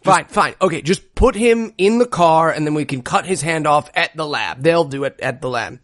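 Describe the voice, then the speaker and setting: A man's voice: fairly high pitch, moderate pace, fairly bright tone, no echo, studio quality, close to an everyday voice. A man voicing an impatient male villain boss in an improvised comedy skit, curt and dismissive. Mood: bossy.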